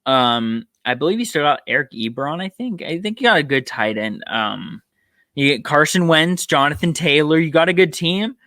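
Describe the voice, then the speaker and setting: A man's voice: a little high, very animated, normal speed, bright, forceful tone, dry recording, studio quality. A man hosting a solo sports podcast, a bit tired, rambling and thinking aloud with frequent ums. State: tired, yawning. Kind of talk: casual solo sports talk.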